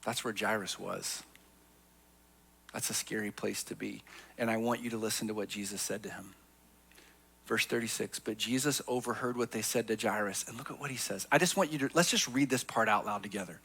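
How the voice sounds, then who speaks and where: A man preaching a sermon as pastor, telling a personal story in an earnest voice that swings from hushed to emphatic. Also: lowish voice, fairly even intonation, normal speed, vocal fry, long pauses.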